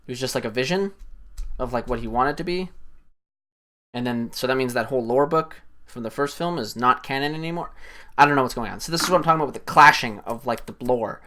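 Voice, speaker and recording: A man giving a rambling, swear-filled casual recap of a film he just watched, his voice jumping up when excited. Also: mid-range voice, fast. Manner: animated, voice jumps up when excited. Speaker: streamer.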